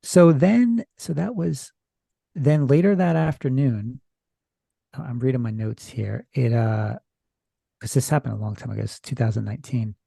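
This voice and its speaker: Male podcast guest, dry close sound, mellow low timbre, hesitant storyteller. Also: moderate pace, vocal fry, breathy edge, no echo. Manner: rambling, hesitant retelling from notes. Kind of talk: casual storytelling chat.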